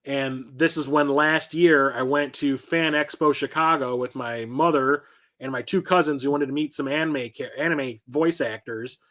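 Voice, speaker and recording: A man's voice: mid-range voice, normal speed, fairly bright tone. A middle-aged man hosting a casual show-and-tell vlog about his collection, telling rambling anecdotes full of fillers and self-corrections. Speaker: collector and channel host.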